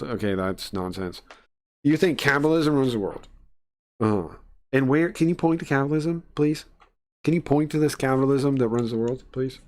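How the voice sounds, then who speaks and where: Male streamer, mid-pitched voice, sarcastic ranting reaction commentary. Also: moderate pace, a little mellow. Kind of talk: casual live-stream commentary.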